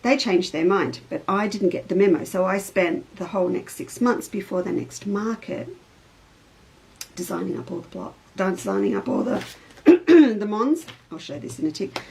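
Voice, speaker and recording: A woman's voice: mid-range voice, creaky, darkish tone, low-quality recording. A middle-aged woman, hosting a casual show-and-tell chat as a fabric designer. She tells a rambling story in an easy, talkative way.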